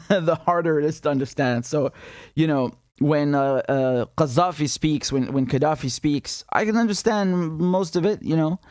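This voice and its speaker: A man's voice: a little high, darkish tone, dry recording, clean studio sound. A man in a casual, rambling explainer who walks through a map with many fillers and self-corrections and chuckles now and then. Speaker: political commentator.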